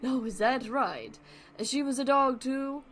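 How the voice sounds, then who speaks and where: A woman's voice: sits high, takes it slowly, fairly bright tone, a little hiss or hum, voice pushed up. A woman voicing a chipper male talk show interviewer with upbeat, scripted delivery. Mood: cheery.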